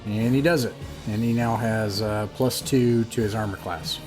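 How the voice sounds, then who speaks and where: Game master, man, low voice, halting online narration with music under it. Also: steady tone. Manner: halting, many fillers and restarts.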